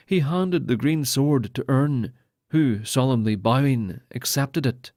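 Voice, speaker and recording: A man narrating a fantasy audiobook in a steady, even reading voice. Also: mid-range voice, slow pace, no echo, studio quality.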